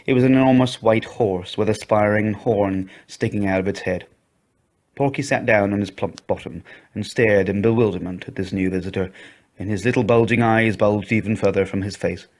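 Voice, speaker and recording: A man narrating a children's story in an expressive storybook reading voice. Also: on the low side, moderate pace.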